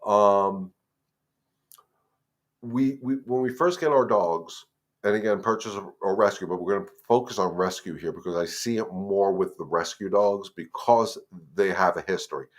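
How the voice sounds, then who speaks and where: In a live dog-training Q&A, a man with a lowish voice talks at normal speed, giving casual advice directly to viewers. He addresses them as "guys," often repeats words, and turns firm and emphatic whenever the rules come up.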